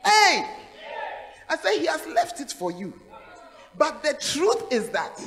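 A woman's voice: high-pitched, slow, pauses often, big-room sound, rough recording. A woman with a Ghanaian accent preaching a sermon in a large church, calling out to the congregation and laughing as she speaks. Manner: animated, calls out "Hey!", laughs while preaching.

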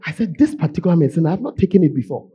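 Man preaching, hoarse husky voice, high pitched, very lively, shouts then drops low. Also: very fast. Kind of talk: sermon. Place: church sanctuary.

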